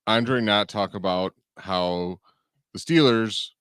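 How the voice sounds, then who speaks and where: A man's voice: lowish voice, slow, a bit bright, clear, resonant tone, no room sound, clean studio sound. A man hosting a sports talk show, easygoing and joking as he talks with his co-host.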